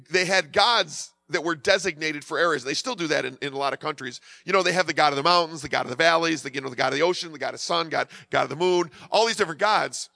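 A man preaching a sermon in a conversational way, acting out quotes and swinging from quiet to loud. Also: on the high side, creaky, dry recording. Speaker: pastor.

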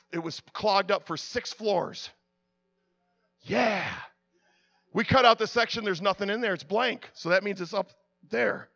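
A man preaching, telling a lively personal story with sound effects and frequent restarts. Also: sits high. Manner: drops to a hushed, prayerful tone at the close.

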